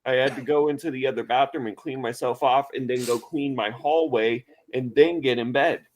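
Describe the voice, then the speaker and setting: A man's voice: medium pitch, steady tone, normal speed, a little hiss or hum, low-quality recording. A man co-hosting a podcast, telling stories in a laid-back, profane way and laughing often. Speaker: podcast co-host. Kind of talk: casual chat.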